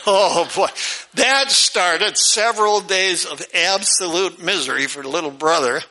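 A pastor tells a lively story from the pulpit and jumps into the characters' voices as he goes. His voice is high for a man and very bright and sharp. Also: measured pace, poor audio. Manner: animated, acts out the characters' voices. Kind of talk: storytelling sermon.

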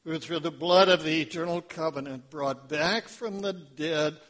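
A man preaching a sermon as pastor, in a slow, dramatic delivery that swings between hushed lines and loud ones. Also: on the high side.

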